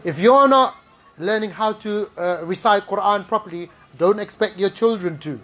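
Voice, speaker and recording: A male preacher addresses a gathered audience. His delivery is animated and playful, and he keeps the room with rhetorical questions and quick asides. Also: sits high. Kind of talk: Islamic talk to a live audience.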